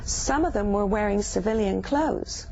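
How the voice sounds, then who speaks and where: Older woman from England, gravelly, slow halting recollection, muffled news audio, music underneath. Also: medium pitch, animated, darkish tone. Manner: earnest, halting storytelling with pauses. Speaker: interviewee. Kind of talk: recounting personal experience.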